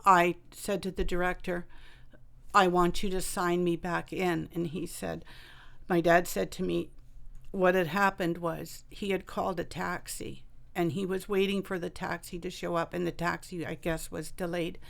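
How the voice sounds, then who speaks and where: A woman author telling a personal story in a radio interview, halting and full of fillers and restarts. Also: on the low side, flat delivery, creaky. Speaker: author and guest.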